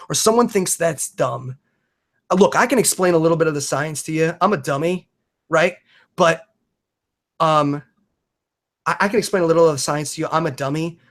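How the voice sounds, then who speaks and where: Speaking at normal speed in a fairly bright, somewhat high voice, a comedian and podcaster chats on a casual video call, earnest and emphatic, with plenty of swearing and restarted sentences.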